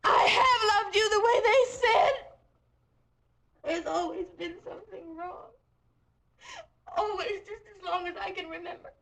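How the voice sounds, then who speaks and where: A woman's voice: very high voice, measured pace, gravelly, long pauses, fairly bright tone, a little hiss or hum, full character voice. An actress in an old film drama playing a woman who tearfully confesses a love she feels guilty about, crying as she speaks. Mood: anguished confession. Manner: sobbing, breaking confession. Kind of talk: 1960s film drama acting.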